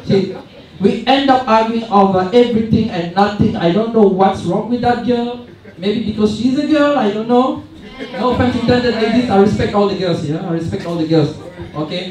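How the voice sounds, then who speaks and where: Self-mocking young stand-up comic in an echoey hall. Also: male voice, high voice, darkish tone. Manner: chatty, self-mocking, loose storytelling with frequent asides. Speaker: stand-up comedian. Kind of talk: stand-up comedy set. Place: large event hall with audience. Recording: echoey hall recorded from far off.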